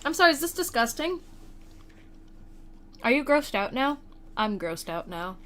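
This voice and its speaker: A woman's voice: high-pitched, big pitch swings, a little slow, fairly bright tone, a little hiss or hum. Chatty, playful woman streamer. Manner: chatty, self-deprecating, playful. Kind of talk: casual late-night game stream chat.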